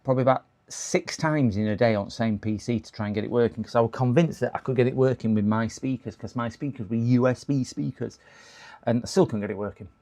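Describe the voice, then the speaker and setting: Male livestream host, casual rambling chat, voice going hoarse. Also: medium pitch, warm tone. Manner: chatty, rambling, laughs at his own jokes. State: voice going hoarse, clearing throat. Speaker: livestream host repairing computers. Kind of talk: casual live-stream chat.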